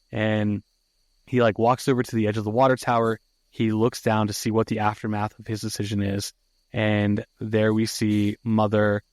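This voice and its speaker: A man's voice: lowish voice, darkish tone, no echo. A man hosting a podcast who casually recaps a movie plot, swearing freely and using lots of fillers. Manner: casual, profane, many fillers. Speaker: podcast host.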